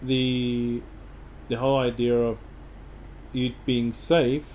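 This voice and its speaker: A man's voice: medium pitch, dark tone, a little hiss or hum. An Australian man giving casual travel advice to camera, rambling and enthusiastic, with lots of fillers and restarts.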